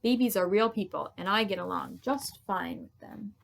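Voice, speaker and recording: A woman's voice: medium pitch, moderate pace, vocal fry. A woman reading aloud as a cheerful, literal-minded woman housekeeper from a storybook, with folksy homespun sayings.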